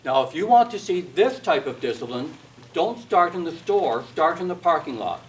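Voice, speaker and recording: A man's voice: fairly high pitch, very animated, moderate pace. A man giving a seminar talk on discipline, telling stories and acting out what parents, teachers and children say, with dry humor. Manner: storytelling, acts out quoted parents and kids, wry humor. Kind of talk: seminar talk with acted anecdotes. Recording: distant mic with faint background noise.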